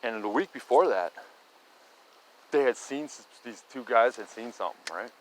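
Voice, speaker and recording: A man's voice: medium pitch, lively intonation, normal speed, slight background noise, poor audio. A middle-aged man casually telling a rambling story, often restarting and tagging lines with "right?" and "okay?". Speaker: storyteller recounting local sightings.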